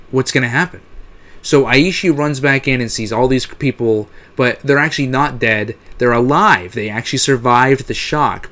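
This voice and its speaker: A man's voice: medium pitch, a bit bright. A man giving a casual recap of a TV episode, rambling with restarts and the odd swear word. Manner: rambling, many fillers and restarts, frequent swearing. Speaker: TV episode reviewer.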